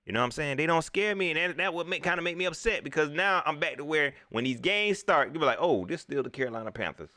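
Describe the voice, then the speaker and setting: A man, hosting a casual live sports talk show, animated and talking straight to his viewers as he reads their chat. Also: a little high, fast, few pauses, dry recording, clean studio sound. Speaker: sports talk livestream host.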